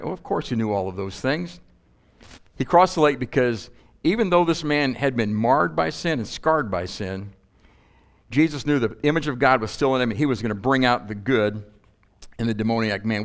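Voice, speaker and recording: Male pastor, mid-pitched, animated delivery with rhetorical questions. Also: fairly quick. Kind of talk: sermon. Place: church.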